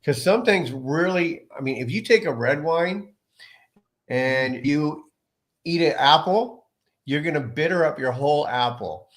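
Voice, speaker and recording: A man with a somewhat high voice leads a relaxed wine tasting conversation. He explains patiently and slips into little personal stories as he goes. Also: measured pace. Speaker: wine presenter. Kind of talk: casual chat.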